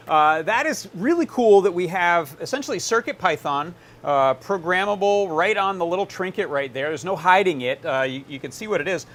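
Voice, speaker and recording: Man casually demoing gear on a livestream. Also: a little high. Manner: relaxed, explains while tinkering, frequent "uh". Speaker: electronics workshop host. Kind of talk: casual live demo.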